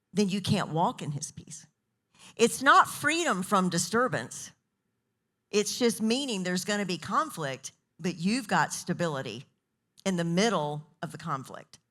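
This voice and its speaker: Middle-aged woman, casual women's ministry preacher, very expressive pitch, does voices when quoting people. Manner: animated, acts out quoted voices with big pitch jumps. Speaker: pastor's wife leading a women's talk. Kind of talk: casual sermon storytelling.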